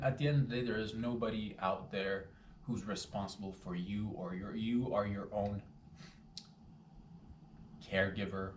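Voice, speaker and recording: A man with a lowish voice talks to his viewers in a loose, reflective monologue, circling back over his own phrases as he goes. He sits a little back from the mic, so the room rings around him. A faint hum lingers behind. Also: recorded from a distance. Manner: rambling, repeats phrases, addresses viewers directly. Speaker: vlogger. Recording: roomy echo, a bit off-mic, faint background hum.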